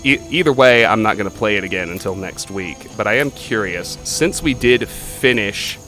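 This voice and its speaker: Deep-voiced man chatting over gameplay. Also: lively intonation, moderate pace, bright, forceful tone, soft background music. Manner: chatty, swears offhandedly, thinks aloud. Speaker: let's play host. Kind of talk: casual gaming commentary.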